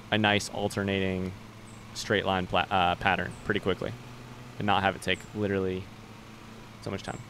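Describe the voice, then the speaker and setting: A man's voice: fairly low pitch, a bit bright, a little hiss or hum. Chatty, rambling male game streamer. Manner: rambling, chatty, swears casually. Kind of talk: casual gameplay chat with live viewers.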